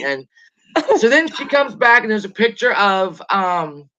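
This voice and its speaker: Chatty gossiping woman, bright tone. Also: medium pitch, expressive, moderate pace. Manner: chatty, rambling, greets viewers mid-story. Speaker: show host. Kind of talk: casual gossip livestream. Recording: lo-fi dull sound.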